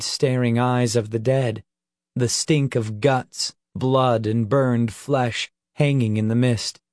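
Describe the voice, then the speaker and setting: A man reading an audiobook in a measured, deliberate storytelling manner. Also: medium pitch, a little mellow, no room sound, studio quality. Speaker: audiobook narrator. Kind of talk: scripted narration.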